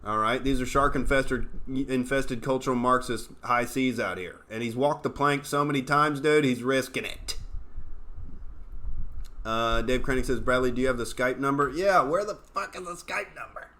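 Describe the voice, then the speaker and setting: A man's voice: medium pitch, normal speed, bright, forceful tone. A young adult man from Oklahoma hosting a comedy political livestream, ranting profanely and sarcastically and reading chat aloud. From Oklahoma, USA. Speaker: comedian host.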